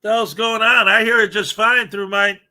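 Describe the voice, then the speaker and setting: Brief: rambling live-stream host, a man with a high, bright voice. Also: little pitch movement, normal speed. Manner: rambling, self-deprecating, chatty. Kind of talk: casual morning live-stream chat.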